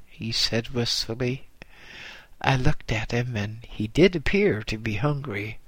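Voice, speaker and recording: A man reading a first-person story aloud in a measured, gently wry way. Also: medium pitch, husky, no room sound. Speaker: narrator. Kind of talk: first-person audiobook narration.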